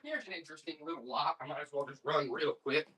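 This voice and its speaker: A man hosting a live online auction, selling items with hyped-up, excitable patter and loud exclamations. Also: fairly high pitch, quick pace.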